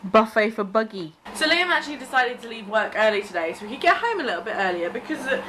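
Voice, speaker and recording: A woman's voice: fairly high pitch, big pitch swings, quick pace, sharp tone, a little hiss or hum, poor audio. A young woman from Cheshire chatting to camera at home, coaxing her baby to chew between asides to viewers. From Cheshire, England. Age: young adult. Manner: chatty, coaxing baby talk while feeding her son. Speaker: family vlogger and mother. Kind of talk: casual vlog chat.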